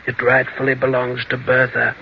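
A man's voice: medium pitch, monotone, moderate pace, a little hiss or hum, close to an everyday voice. An actor playing the solemn ghost of a dead man who returns to make amends, in an old radio drama. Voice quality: gravelly, solemn, hushed at times. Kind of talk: 1940s radio acting. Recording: dull lo-fi old radio recording.

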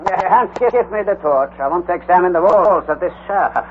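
An actor playing an older, learned professor uncle who leads the expedition with commanding, declamatory speech, in an old radio drama with a tinny sound. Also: male voice, sits high, fairly quick, natural voice. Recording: tinny lo-fi old radio recording with faint hiss.

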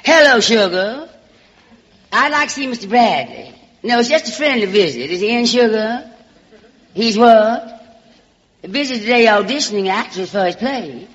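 Speaking at a normal speed with frequent pauses, a woman with a slightly high, expressive voice and a Southern American accent hosts a comic radio monologue. She drawls theatrically, coyly calling everyone darling, and the dull old broadcast rings with the reverb of a large hall.

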